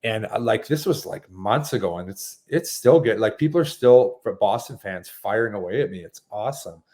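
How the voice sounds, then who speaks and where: A man in his thirties with a fairly low voice, chatting as an interview guest. He tells stories in an animated way, trips over his words and restarts, and laughs as he goes. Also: moderate pace. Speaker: former hockey player, guest. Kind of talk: casual interview chat.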